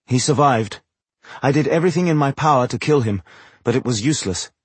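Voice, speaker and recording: A man voicing a stern, commanding woman mage in an audiobook, speaking grimly and forcefully. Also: medium pitch, animated, brisk, slightly rough, dry recording, voice pushed up. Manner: grim, clipped, forceful.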